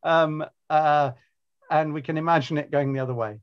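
A man's voice: a little high, steady tone, moderate pace, clear, resonant tone. Brief: polite male moderator, hesitant with fillers, slightly dull video-call sound. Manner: hesitant, polite, full of ums. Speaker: event chair. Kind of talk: moderating an online book talk.

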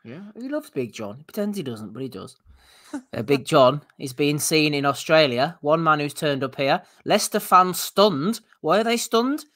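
Man, podcast host, relaxed, introduces segments. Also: a little high, moderate pace. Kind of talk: casual podcast banter.

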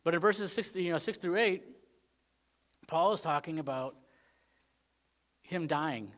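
A man preaching a Wednesday sermon in church in a rambling, conversational way, full of "you know" fillers, swinging between emphatic points and quiet asides. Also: fairly high pitch, measured pace, long pauses. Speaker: pastor.

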